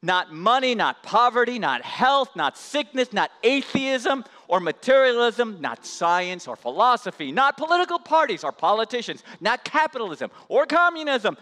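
A pastor preaching a sermon in an impassioned, emphatic way, building through repetition. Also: male voice, very high-pitched, very animated, normal speed, few pauses, sharp tone. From United States. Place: church sanctuary. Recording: long hall reverb.

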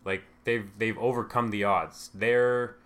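Male podcast co-host, lowish voice, teasing banter, loose and casual. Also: steady tone, unhurried, a bit bright. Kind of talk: casual chat.

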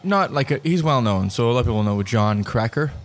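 A man's voice: medium pitch, lively intonation, fairly quick. A man co-hosting a podcast from a diner table, chatting casually and correcting himself as he goes. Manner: rambling, self-correcting. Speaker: podcast co-host. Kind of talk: casual chat.

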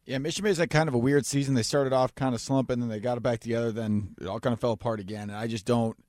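A man co-hosting a sports radio show in a studio, eager and quick with frequent restarts. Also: mid-range voice, fairly even intonation, darkish tone, no room sound. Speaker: radio co-host.

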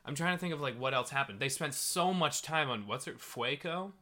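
A man's voice: medium pitch, expressive, a little fast, pushed and bright. A young man co-hosting a podcast in casual chat, animatedly acting out quotes from characters. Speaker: podcast co-host.

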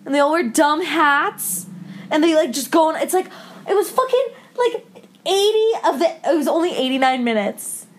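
A woman's voice: sits high, normal speed, a little hiss or hum. A young woman co-hosting a casual movie review chat, ranting in an exasperated, sarcastic way with some swearing. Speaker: podcast co-host.

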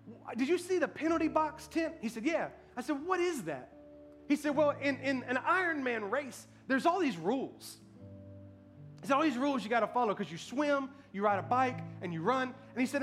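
Preaching in an extremely high-pitched male voice, a pastor recounts a story in his sermon, then rises into loud, emphatic delivery while calling on the congregation for amens.

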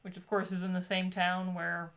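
A woman co-hosting a relaxed podcast, trading jokes and ribbing her partner in easy conversation. Her voice is bright and forward, with a lively, mischievous edge. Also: fairly low pitch, moderate pace, gravelly. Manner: playful and teasing. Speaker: podcast co-host. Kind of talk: casual chat.

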